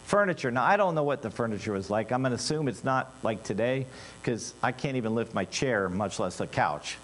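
A man preaching a sermon in an animated way, dropping into quiet asides and rising into loud, emphatic bursts. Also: mid-range voice, fairly quick.

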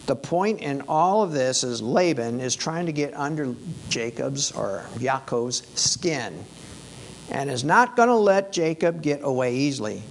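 A man's voice: mid-range voice, expressive, measured pace, vocal fry, a little hiss or hum, rough recording. A male preacher giving a sermon in a conversational, wry and emphatic way, losing his voice.

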